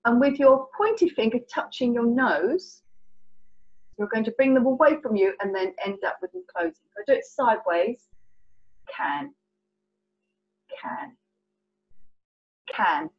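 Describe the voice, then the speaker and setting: Lively, husky British woman teaching signs. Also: on the high side, measured pace, pauses often, dull audio. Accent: British English. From England. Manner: chatty, playful, encouraging, demonstrating hand signs. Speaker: sign language tutor. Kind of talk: children's signing lesson.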